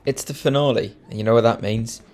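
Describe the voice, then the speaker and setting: A man's voice: mid-range voice, steady tone, brisk, a little mellow. A man hosting a casual podcast, jokey and self-mocking as he introduces clips. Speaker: podcast host.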